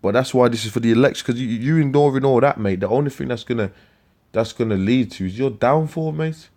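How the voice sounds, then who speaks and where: A man preaching scripture in a profane, scornful rant, with slang, repeated words and sudden loud outbursts. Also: medium pitch, quick pace. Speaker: street preacher.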